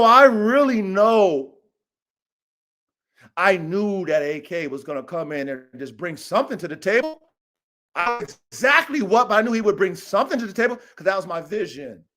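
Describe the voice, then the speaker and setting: A man's voice: sits high, a bit bright. A man hosting a livestream podcast, talking bluntly and profanely, getting fired up and repeating himself. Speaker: podcast host and dog breeder. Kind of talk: casual livestream rant. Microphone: live stream mic.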